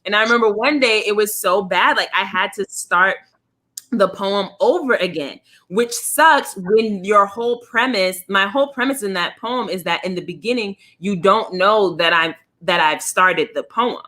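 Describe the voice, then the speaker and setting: A woman co-hosting a casual podcast, telling stories in an animated, chuckling way over a home video call. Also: medium pitch, moderate pace. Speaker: podcast co-host. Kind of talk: casual chat.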